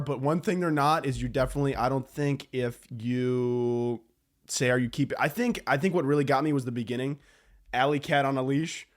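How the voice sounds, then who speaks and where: A young man hosting his own podcast, rambling alone in a joking, sarcastic and profane way. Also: on the high side. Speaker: podcast host. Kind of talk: casual solo podcast monologue.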